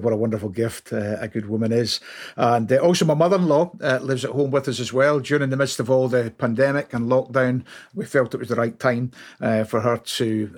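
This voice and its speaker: A Scottish man in his sixties, a podcast guest, speaking warmly and reflectively about family. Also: mid-range voice. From Scotland. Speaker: training director, guest. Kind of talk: casual interview chat.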